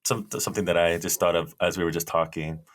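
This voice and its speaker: Podcast co-host, male, lower pitch; measured, builds his points one at a time, lots of "you know". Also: fairly even intonation. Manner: measured, lays out ideas step by step with fillers. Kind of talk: casual chat, reacting to a trailer.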